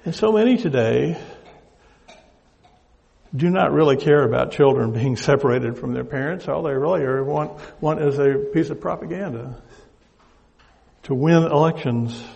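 An older man from the American South with a Southern accent, preaching a sermon in a halting, deliberate way, often repeating words as he searches for them. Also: on the high side, vocal fry, a little mellow, in a large hall, dull audio. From Southern United States.

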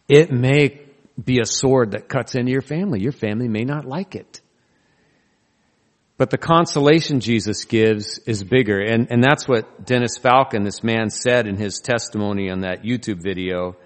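A man in the pulpit, delivering a sermon as a storyteller, earnest and now and then wry. His voice sits in an ordinary middle range. The sound carries a long reverb, like a large sanctuary. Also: mid-range voice. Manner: storytelling, earnest with touches of humor. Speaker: pastor.

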